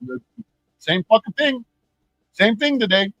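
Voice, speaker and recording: A man's voice: very high voice, a little slow, creaky, bright, forceful tone, no echo, rough recording. Profane ranting streamer man. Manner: profane, rambling, mocking; repeats and restarts words. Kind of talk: ranting live-stream commentary.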